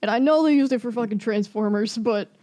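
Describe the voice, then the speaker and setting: A woman's voice: a little high, a little fast, dark tone. A woman co-hosting a podcast, chatting casually about music in an offhand, swearing, laughing way. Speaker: podcast co-host.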